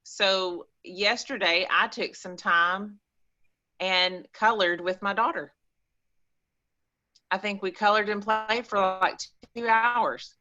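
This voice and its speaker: A woman with an East Texas accent and a medium-pitched voice calls in to a show and chats casually. Her talk is animated, rambling and folksy, and the audio sounds dull.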